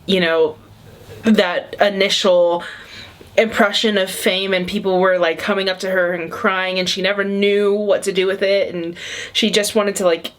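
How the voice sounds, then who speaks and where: A woman's voice: mid-range voice, level tone, moderate pace. A woman in her twenties chatting casually and emotionally as she reacts to a video, rambling with many fillers. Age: 20s.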